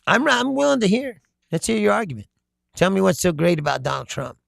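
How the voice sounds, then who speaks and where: A man's voice: sits high, brisk, vocal fry, no room sound, studio quality. A man hosting a live stream. He reads viewer comments aloud, talks with lots of energy, laughs often and swears. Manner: animated, laughs often, shouts, profane. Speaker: host.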